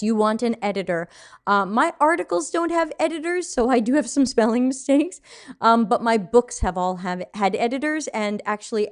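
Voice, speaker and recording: A chatty woman hosting a live stream, her voice sitting a little high. She talks casually and laughs at herself now and then. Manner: chatty, self-deprecating, laughs often. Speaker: podcast host and author.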